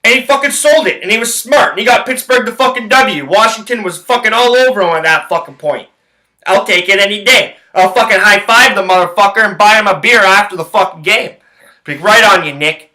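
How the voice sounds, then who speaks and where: A sports handicapping vlogger rants heatedly about hockey and sports betting, swearing constantly and rambling from point to point in profane commentary. His high voice has a sharp tone and moves a little fast, and the audio is poor.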